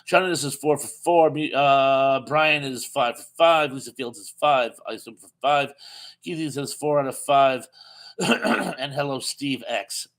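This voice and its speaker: A man's voice: mid-range voice, measured pace, a bit bright. Chatty man hosting a live trivia stream. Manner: chatty, reads viewer comments aloud, laughs at himself. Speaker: live show host running a TV trivia quiz. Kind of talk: casual live-stream chat.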